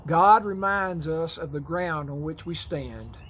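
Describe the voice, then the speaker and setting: A man with a somewhat high voice teaches a church Bible lesson from prepared notes. He is folksy and throws in dry humorous asides. There is a faint hum of noise behind him. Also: a little slow, hardly any pauses, a bit bright, poor audio.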